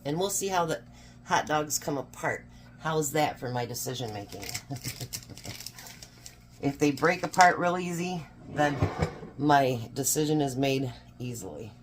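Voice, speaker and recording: A woman's voice: low voice, expressive, measured pace, long pauses, background noise. A woman chatting casually while cooking supper at home, joking about herself as she goes. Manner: chatty, self-deprecating, laughs at herself. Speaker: cooking vlogger. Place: home kitchen.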